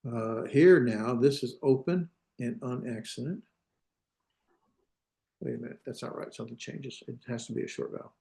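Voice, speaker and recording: A man's voice: mid-range voice, moderate pace, gravelly, mellow. A male teacher giving a classroom lecture on grammar, thinking aloud, hesitating and correcting himself as he goes. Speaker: Hebrew teacher.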